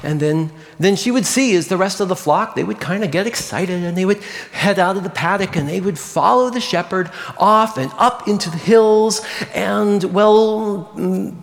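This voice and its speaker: Hushed, expressive male storytelling preacher. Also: high-pitched, moderate pace, creaky, in a large hall. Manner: expressive, often dropping to a hushed voice. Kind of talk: storytelling sermon.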